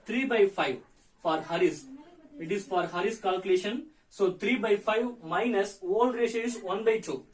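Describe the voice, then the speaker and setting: A hoarse man with a high voice works through fractions step by step in a lesson, repeating each figure as he goes. His voice sits a little away from the microphone, so it sounds distant. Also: normal speed. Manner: repetitive step-by-step explaining. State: hoarse from fever. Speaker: teacher. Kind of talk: accountancy lesson.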